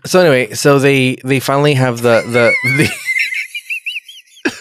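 A man's voice: mid-range voice, steady tone, measured pace, background noise. A man co-hosting a casual podcast, recapping a TV episode in a profane, slangy way, constantly saying "dude". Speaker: podcast co-host.

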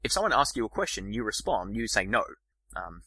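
A man hosting a podcast, explaining ideas in a lecture style, talking fast with frequent restarts and fillers. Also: on the low side, big pitch swings, bright, forceful tone, slightly rough, no room sound, poor audio. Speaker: podcast host.

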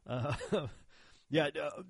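A man's voice: on the high side, gravelly, no echo. A man in casual chat who tells long rambling stories, acts out the other people's lines and laughs often.

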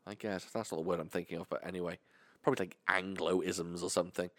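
A British man co-hosting a podcast, telling stories in a casual, animated, sweary way. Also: low voice, quick pace, no room sound, studio quality. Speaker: podcast co-host. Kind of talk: casual chat.

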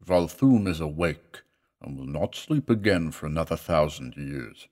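A man voicing a gigantic male Martian guide who speaks in a slow, booming, cryptic and portentous way. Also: animated, darkish tone.

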